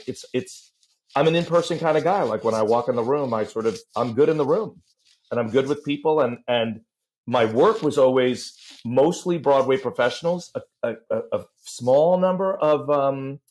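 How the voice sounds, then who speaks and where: A middle-aged man, a voice teacher, telling lively stories in a podcast interview and singing short demo syllables. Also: medium pitch. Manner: animated storyteller, sings demo syllables. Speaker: voice teacher and guest.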